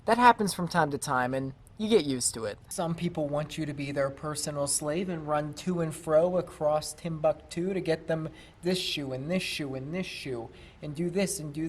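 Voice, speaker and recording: A young man who works in a shoe store, telling work stories in a casual vlog. He is animated and swears freely, and he acts out what people said. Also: a little high. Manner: animated, profane, acts out quoted lines. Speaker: retail shoe store worker.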